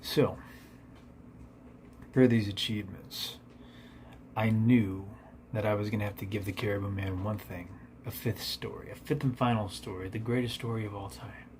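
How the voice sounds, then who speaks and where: Low-voiced deadpan storyteller, rambling absurd live tale, male. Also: moderate pace, a little hiss or hum.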